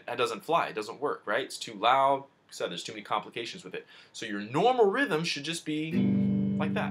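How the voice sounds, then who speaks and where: In this casual video lesson, a man with a mid-range, expressive voice teaches beginner guitar at a fairly quick clip. He speaks informally and directly to the viewer while guitar plays behind him.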